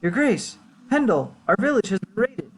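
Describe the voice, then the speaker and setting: A man's voice: high voice, sing-song, moderate pace, slightly rough, pitched above the performer's own voice, exaggerated voice. A man voicing an urgent, indignant male villager in a game. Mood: frantic. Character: frantic male villager whose village was raided.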